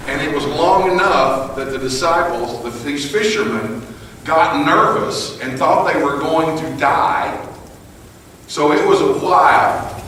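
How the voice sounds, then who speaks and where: Male storyteller-preacher, live sermon, swings loud to hushed; distant mic, long hall reverb. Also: fairly high pitch. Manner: vivid, shifts from loud to hushed. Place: live venue, large hall. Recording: echoey hall from a distance with noise.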